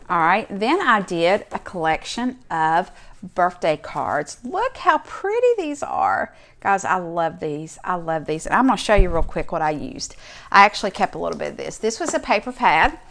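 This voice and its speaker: A middle-aged woman hosting a crafting video, chatting casually and enthusiastically as she shows off her handmade cards. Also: medium pitch. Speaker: crafting channel host. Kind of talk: casual show-and-tell vlog.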